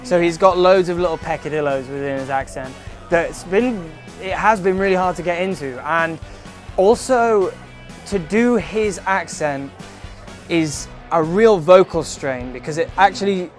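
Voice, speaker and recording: A man's voice: on the high side, a little slow, soft background music. A young British man, a stage actor, explaining his craft thoughtfully in a casual interview. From Britain.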